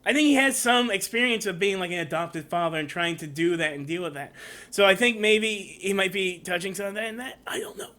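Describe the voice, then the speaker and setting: A man's voice: high voice, animated, fairly quick, sharp tone. A man reviewing a movie trailer on his own channel in a rambling, emotional casual talk, getting teary at moments. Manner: rambling, emotional, tearing up at times.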